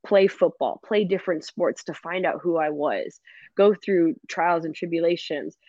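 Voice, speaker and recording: A woman football coach, a guest chatting in an animated, laughing way and filling her talk with "like". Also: fairly low pitch, moderate pace, no room sound. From Canada. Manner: animated and laughing, fills speech with "like". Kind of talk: casual interview chat. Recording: dull lo-fi dry sound.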